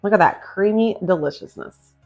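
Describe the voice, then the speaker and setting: A woman's voice: mid-range voice, normal speed, darkish tone, faint music behind. Chatty woman hosting a cooking video. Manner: chatty, enthusiastic, addresses viewers as guys. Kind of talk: casual cooking demonstration. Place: home kitchen.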